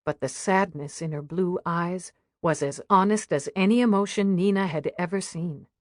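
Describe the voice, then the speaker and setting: Low-voiced woman reading an audiobook. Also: normal speed, no room sound, studio quality. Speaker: audiobook narrator. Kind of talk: scripted narration.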